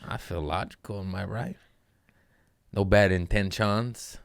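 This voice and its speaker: A man's voice: sits low, measured pace, vocal fry, no echo, clean studio sound. A man hosting a comedy podcast, telling profane stories in a rambling, joking way and slipping into silly voices. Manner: profane, jokey, bursts into silly put-on voices. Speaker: comedian host.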